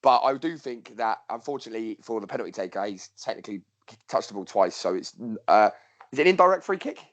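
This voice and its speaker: A man co-hosting a football podcast, talking quickly and playfully. He jokes and teases his co-hosts while weighing in on refereeing calls. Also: lowish voice, lively intonation. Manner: jokey, teasing, laughs often. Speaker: podcast co-host. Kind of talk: casual chat.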